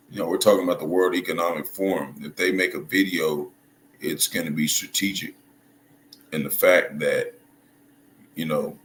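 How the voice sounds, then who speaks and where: Low-voiced male commentator, stop-start and casual, recorded in a reverberant room with a light noise floor. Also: a bit bright. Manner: halting, restarts and hunts for words, checks in with "right?" and "you see?". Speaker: religious commentator. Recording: echoey room with faint noise.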